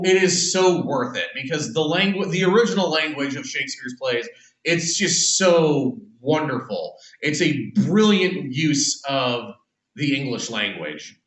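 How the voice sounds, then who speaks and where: Bright-voiced man lecturing in an echoey room. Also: a little high, lively intonation, takes it slowly, far from the mic. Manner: conversational, many fillers and restarts. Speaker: English teacher. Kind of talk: classroom lecture.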